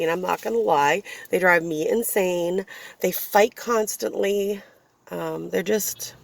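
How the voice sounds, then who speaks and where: Raspy, fed-up woman venting in her car. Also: medium pitch. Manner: exasperated ranting, blunt and profane. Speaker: vlogger, single mother. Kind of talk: casual venting vlog. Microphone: handheld phone, shaky.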